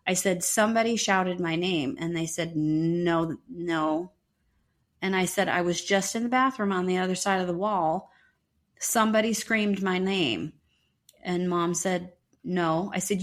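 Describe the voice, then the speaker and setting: Middle-aged woman, podcast co-host, animated storyteller who acts out quoted voices. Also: on the low side. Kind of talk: casual storytelling.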